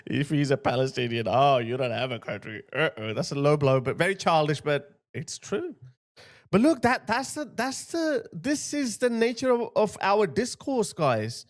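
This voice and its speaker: A man's voice: high voice, sing-song, moderate pace. A man hosting a commentary channel, talking bluntly and emphatically to his viewers as he reacts to video clips.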